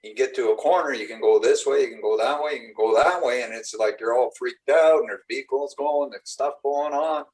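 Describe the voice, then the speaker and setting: A man's voice: mid-range voice, brisk, hardly any pauses, a little mellow, recorded from a distance, low-quality recording. A middle-aged man, a shaman and spiritual teacher, giving a rambling, earnest talk to a live group. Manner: rambling, earnest storytelling with acted-out quotes.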